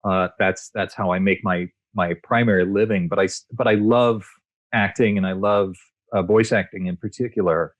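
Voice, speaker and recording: Male guest, low voice, dry close sound, laid-back anecdotal delivery. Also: normal speed, dry recording. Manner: relaxed storyteller, many fillers and restarts. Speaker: guest, voice actor and screenwriter. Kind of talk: casual interview chat.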